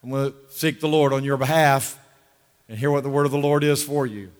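A man's voice: mid-range voice, steady tone, fairly quick, natural voice. A man preaching a sermon, voicing a stern old male prophet who speaks bluntly and dismissively. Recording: long reverb of a large hall.

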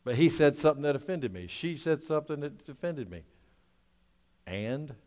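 A man's voice: on the high side, expressive. Emphatic preacher man, echoey hall. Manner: emphatic preaching that swings between loud, drawn-out lines and quiet asides; rhetorical questions to the congregation. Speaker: pastor. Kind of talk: sermon.

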